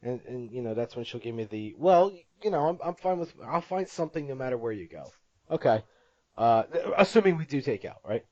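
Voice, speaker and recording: A man's voice: medium pitch, sing-song, brisk, a little mellow, no room sound, dull audio. A man hosting a podcast in casual chat, rambling and joking, laughing often at his own stories. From Italian-American family. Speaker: podcast host.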